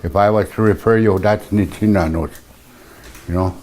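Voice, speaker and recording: An older man teaching words of his language in a casual, hesitant way, repeating terms slowly with many pauses. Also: on the low side, fairly even intonation, a little mellow. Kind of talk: teaching vocabulary, casual and halting.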